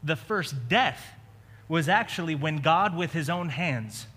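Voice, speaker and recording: High, bright-voiced preacher in a reverberant hall. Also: male voice, expressive, measured pace. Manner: conversational preaching with joking asides. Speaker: pastor. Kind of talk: sermon. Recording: long reverb of a large hall.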